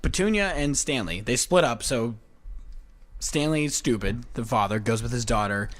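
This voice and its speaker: A man's voice: mid-range voice, moderate pace. A man co-hosting a podcast, retelling movie scenes in casual chat and acting them out. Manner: animated storyteller who acts out scenes in voices. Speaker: podcast co-host. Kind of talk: casual chat recapping a film.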